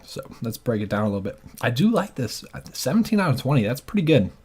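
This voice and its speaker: A man's voice: mid-range voice, big pitch swings, fast, darkish tone, husky. A man thinking aloud as he works through his basketball bracket picks, with hesitant fillers. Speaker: sports channel host.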